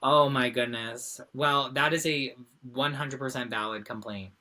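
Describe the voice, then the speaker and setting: A woman's voice: rumbling low, a little slow. A woman from Central Massachusetts co-hosting a casual podcast, acting out exasperated quotes. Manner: animated, acts out exasperated quotes. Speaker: podcast co-host. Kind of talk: casual chat.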